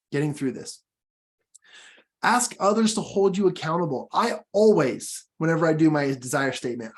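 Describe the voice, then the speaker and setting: A man's voice: on the high side, a little mellow. A man coaching his audience in a motivational training talk, emphatic and encouraging, repeating his key points.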